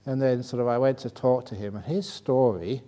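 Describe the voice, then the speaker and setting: An older man, a Buddhist monk, giving a dharma talk at a retreat, telling anecdotes, chuckling at his own jokes and rising into animated rhetorical questions. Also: mid-range voice, normal speed.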